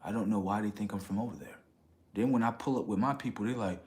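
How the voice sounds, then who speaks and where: A man on a casual livestream, rambling in slangy street talk and checking in with his viewers, getting loud and high when worked up. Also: quick pace. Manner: rambling, repeats "okay" and "right" to the audience. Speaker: livestream host.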